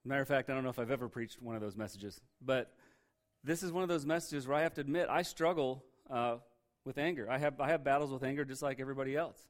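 A man's voice: medium pitch, fast talker. A man preaching a candid, conversational sermon, often repeating words as he presses a point. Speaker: pastor.

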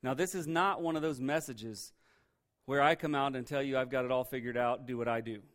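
A man's voice: medium pitch, a little fast, a bit bright. A man preaching a candid, conversational sermon, often repeating words as he presses a point. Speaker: pastor.

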